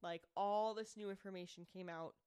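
A woman's voice: mid-range voice, normal speed, smooth, no echo. Chatty woman retelling a mystery case. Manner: chatty storyteller, animated quoted voices, frequent "like" and "um". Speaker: podcast co-host presenting the case. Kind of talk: casual chat.

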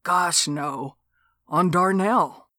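Woman voicing a gruff lawman, unhurried and low. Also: a bit bright, dry recording, studio quality. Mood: matter-of-fact. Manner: slow drawl, matter-of-fact. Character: gruff big Southern lawman, laid-back.

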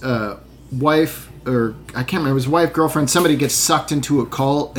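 A man in casual chat, telling movie stories in a rambling, animated way. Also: medium pitch, a little hiss or hum. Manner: rambling, animated storyteller with restarts.

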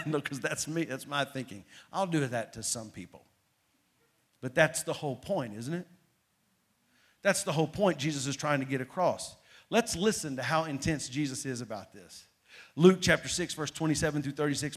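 A man's voice: on the high side, fairly quick, a bit bright. A man, preaching a sermon as pastor and leading his congregation in reading aloud, swelling to emphatic peaks.

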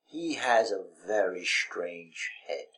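A man's voice: on the low side, lively intonation, slow pace, fairly bright tone. Pompous podcast guy, super formal fake-royal talk, drawn out, lots of ups and downs. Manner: pompous, mock-regal formal diction. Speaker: podcast co-host. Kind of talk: casual podcast chat.

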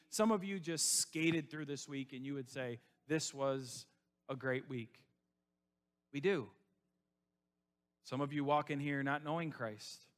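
A male pastor preaching a sermon to his church, repeating phrases and swinging between loud rising appeals and soft hushed lows.

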